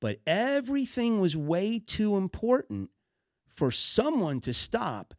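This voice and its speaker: A man's voice: high voice, very animated, slow pace, darkish tone, no room sound, clean studio sound. Exasperated man hosting a business podcast. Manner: conversational, storytelling with frequent fillers and restarts; exasperated complaining about poor service. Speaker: podcast host. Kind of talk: business advice monologue.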